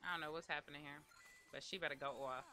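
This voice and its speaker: A man's voice: on the high side, steady tone, fast talker, pushed and bright. A man hosting a casual let's play, chatting to the game characters and to viewers as he plays. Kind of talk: casual gameplay commentary.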